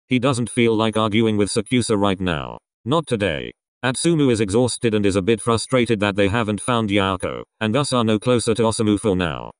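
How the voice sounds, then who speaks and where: Guy reading fanfic aloud, lowish voice, very expressive pitch, dry close mic. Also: moderate pace, few pauses, clear, resonant tone, no room sound. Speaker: fan fiction reader. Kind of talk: audiobook-style narration of a fan story.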